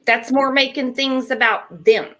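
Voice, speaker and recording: A woman's voice: sits high, measured pace, fairly bright tone. A woman hosting a casual chat, blunt and emphatic, often repeating herself. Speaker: host.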